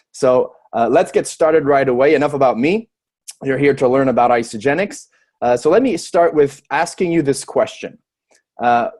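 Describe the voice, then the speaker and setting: A man's voice: medium pitch, a little mellow. A middle-aged man from Montreal with a French Canadian accent, French as his first language, hosting a product presentation call in a friendly, chatty way with frequent fillers. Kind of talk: phone presentation.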